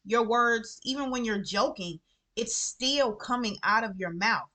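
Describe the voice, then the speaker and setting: Her pitch is fairly high and her tone sharp, and she takes her time. She's an adult with children, a vlogger sharing her favorite books in a casual, heartfelt talk to camera, speaking earnestly and repeating phrases for emphasis.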